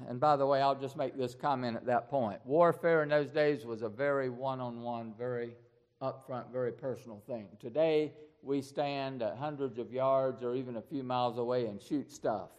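A man's voice: medium pitch, steady tone, moderate pace, darkish tone. A man preaching a storytelling sermon in a folksy way, often repeating words and restarting.

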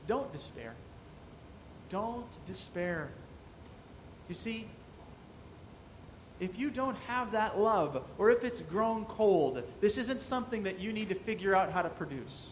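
A man's voice: sits high, lively intonation, unhurried, noisy background. A man preaching a sermon as pastor, asking the congregation rhetorical questions and acting out quoted voices.

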